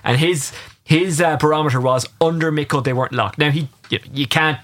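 An Irish man co-hosting a radio sports show, telling animated anecdotes with quoted dialogue. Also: on the high side, a little fast. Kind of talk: casual radio chat, storytelling.

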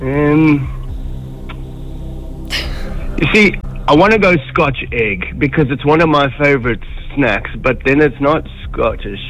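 A man calling into a radio show, easygoing and hesitant, thinking out loud. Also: medium pitch, takes it slowly, long pauses, rough recording. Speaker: radio caller.

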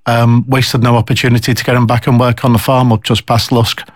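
A middle-aged man with a Liverpool accent, a chief executive guest on a radio interview, talking in a measured, thoughtful way with fillers. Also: medium pitch, level tone, dry recording, studio quality. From England.

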